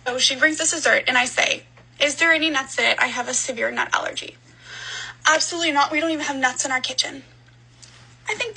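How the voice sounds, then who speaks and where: A woman telling a personal story in a casual storytime style, animated and exasperated. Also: high voice, brisk, vocal fry, pauses often, rough recording.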